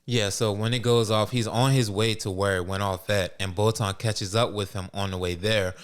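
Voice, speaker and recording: A man's voice: on the low side, steady tone, moderate pace, smooth. A man co-hosting a podcast in casual chat, recapping anime plot points in a laid-back way. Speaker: podcast co-host.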